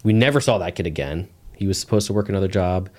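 Talking fast in a deep voice, a male guest rambles through his personal testimony during a casual storytelling interview. He is relaxed and leans heavily on "like" as a filler.

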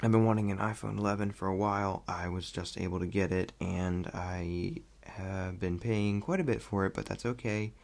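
A young man chatting casually about a movie he loved, rambling and excitable and laughing often. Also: sits low, normal speed, gravelly, hardly any pauses. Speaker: vlogger reviewing a movie. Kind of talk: casual chat.

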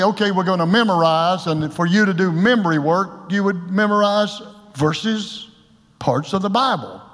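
An older man preaching a sermon as pastor, folksy and joking, with sudden loud shouts. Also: fairly high pitch, in a large hall. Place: church sanctuary.

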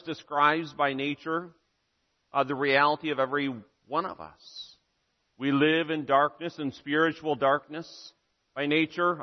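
A man preaching a sermon, measured and solemn, building to emphatic repeated phrases. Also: a little high. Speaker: pastor. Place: church sanctuary. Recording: muffled sound with long hall reverb.

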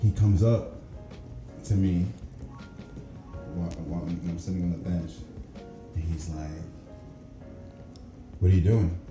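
A man's voice: low-pitched, unhurried, long pauses. A man telling a casual story, laughing often and acting out the lines of the people in it. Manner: laughs through stories, acts out cops' lines. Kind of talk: casual chat. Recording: echoey room with music behind.

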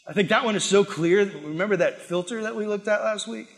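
A pastor with a notably high voice delivers a sermon a little fast, in a big-sounding room. Animated and emphatic yet conversational, he talks straight to his congregation and slips into small acted voices for the prayers and grumbles he quotes.

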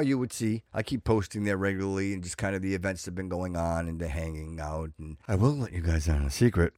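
Middle-aged guy ranting on his podcast, lowish voice, dry sound, keeps repeating himself. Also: no room sound. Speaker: podcast host. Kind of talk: casual opinion monologue.

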